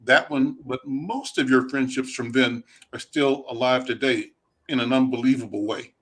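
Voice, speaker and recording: An older man hosting a talk show, steering the interview with a measured manner and filling in family background. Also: mid-range voice, steady tone, fairly bright tone.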